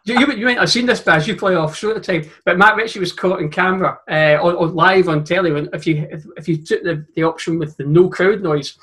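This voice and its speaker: A man's voice: high voice, fairly quick, hardly any pauses, fairly bright tone. A Scottish man co-hosting a football podcast, rambling through stories with many restarts and laughing at his own anecdotes. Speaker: podcast co-host. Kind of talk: casual football chat.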